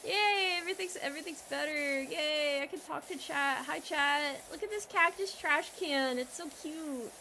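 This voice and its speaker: A young American woman chats with her stream audience, high and bright in pitch, loud and teasing one moment and falling to mock-quiet apologies the next. A faint hiss of noise sits under her voice. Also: moderate pace, few pauses. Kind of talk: casual game stream chat.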